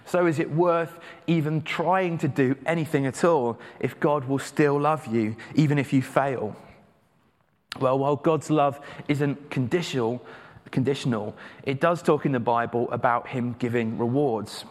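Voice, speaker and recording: Casting: man from England, mid-pitched preacher, relaxed, self-deprecating sermon delivery, long church reverb. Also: measured pace. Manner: conversational, self-deprecating with hesitant fillers.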